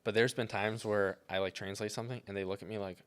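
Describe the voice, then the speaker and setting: Low-voiced young man telling stories. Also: steady tone, fast talker, clean tone. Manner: rambling storyteller, heavy use of "like". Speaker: podcast co-host. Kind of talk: casual chat.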